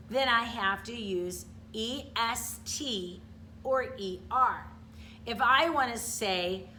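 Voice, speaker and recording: A middle-aged woman teaches grammar online, walking her students patiently through each example and checking in with them as she goes. Her voice is bright and forward. A faint hiss sits under the recording. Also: a little high. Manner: patient, explains step by step, checks in with "okay?".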